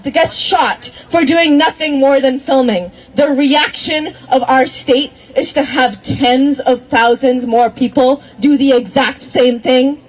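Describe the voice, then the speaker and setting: A woman from Minnesota giving an emotional, shouted speech as an activist at an outdoor protest. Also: sits high, takes it slowly, few pauses, poor audio. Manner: emotional, near tears, shouting. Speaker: activist speaker. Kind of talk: impassioned rally speech. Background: crowd.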